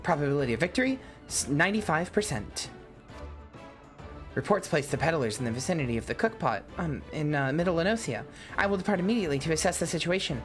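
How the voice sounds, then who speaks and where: A man's voice: on the high side, animated, fast talker, soft background music, pitched above the performer's own voice, natural voice. A man voicing a timid, stammering young woman tactician, reading game dialogue with many hesitant ums. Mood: nervous.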